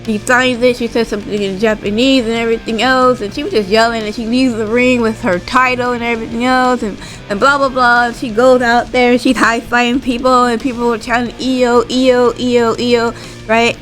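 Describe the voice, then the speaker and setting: Rambling, higher-voiced woman recapping wrestling. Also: fairly even intonation, brisk, a bit bright, soft background music, poor audio. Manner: rambling, full of "like" and "right?" tags. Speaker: wrestling show reviewer. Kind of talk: casual spoken recap.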